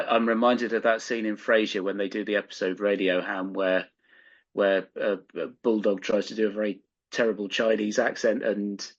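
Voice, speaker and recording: A British man chatting on a podcast, halting and searching for his words as he talks. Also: lowish voice. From United Kingdom. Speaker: podcast co-host. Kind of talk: casual podcast chat. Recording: slightly dull lo-fi audio.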